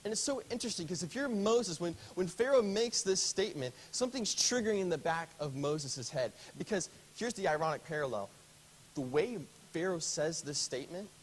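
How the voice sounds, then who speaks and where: A man leading a casual Bible study, talking through the text with his class and stopping often to ask them questions. His voice sits a little higher than most men's and swings up and down with lively emphasis. A faint hiss runs under the recording. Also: rough recording. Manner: conversational, asks the class questions.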